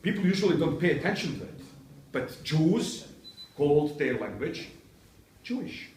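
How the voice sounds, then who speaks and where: A man's voice: a little high, sing-song, moderate pace, darkish tone, a little hiss or hum. Male lecturer, storytelling with jokes and chuckles; roomy echo, faint background ambience. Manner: humorous anecdotes, chuckling often. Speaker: university lecturer. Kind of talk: storytelling lecture to a touring group. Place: indoor museum hall. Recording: echoey room, distant mic, faint ambience.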